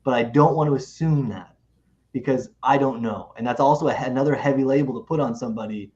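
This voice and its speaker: A man co-hosting a show in casual chat, talking in an animated way, often restarting and repeating himself. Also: medium pitch, quick pace. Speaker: podcast co-host. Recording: muffled lo-fi recording.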